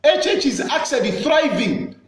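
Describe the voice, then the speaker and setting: A man's voice: very high-pitched, lively intonation, normal speed, very echoey. A Zambian man with a Zambian accent, giving an impassioned, accusatory political address that repeats its points insistently.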